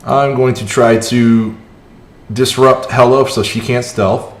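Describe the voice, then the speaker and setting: A man livestreaming a strategy game, keeping up a running, chatty commentary on his moves. He reacts aloud to each turn and answers his viewers as he plays. His mid-pitched voice sits in a roomy, echoey space. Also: fairly even intonation, slow. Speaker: streamer. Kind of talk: live gameplay commentary. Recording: roomy echo.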